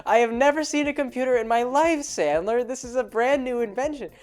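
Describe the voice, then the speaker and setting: A grandiose, murderous self-styled messiah who booms out his declarations in a raised, pitched-up voice, as a man puts him on. He sounds theatrical and sure of himself. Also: brisk. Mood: indignant.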